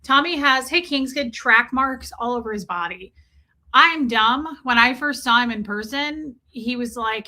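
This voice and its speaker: Bright-voiced chatty woman streamer. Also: high voice, animated, slow. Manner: chatty, rambling, greets viewers by name mid-sentence. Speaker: livestream host. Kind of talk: casual livestream chat, greeting viewers.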